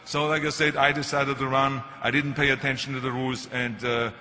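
A man's voice: mid-range voice, level tone, fairly quick, sharp tone, slight background noise. A middle-aged man with a German accent giving a motivational speech, telling stories emphatically with jokes. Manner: emphatic, joking storyteller. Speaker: public speaker. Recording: echoey hall.

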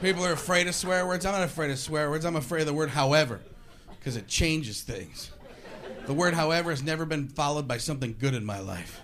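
A man doing a ranting, animated stand-up comedy set on a live stage. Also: on the high side, a little fast. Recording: live club with audience noise.

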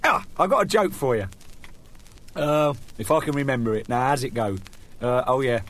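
On his own radio spot, a middle-aged man with an animated, mid-range voice speaks at a moderate pace. His monologue is loose and jokey, and he keeps laughing at his own humor.

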